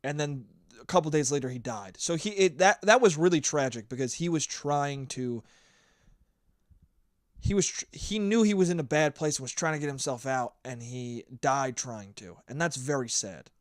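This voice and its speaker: A young man talks alone into the mic, ranting bluntly and swearing freely. His pitch sits a bit high and swings widely as he gets worked up. The sound is dry and close, with no room around it. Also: lively intonation, normal speed, no echo. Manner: blunt, profane, ranting storyteller. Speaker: podcast host. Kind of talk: solo podcast monologue.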